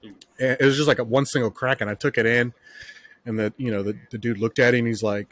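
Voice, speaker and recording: A man's voice: mid-range voice, steady tone, quick pace, a bit bright, no echo. A man host telling stories in casual podcast chat, swearing often and filling with "like" and "uh.". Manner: profane, storytelling, heavy filler words.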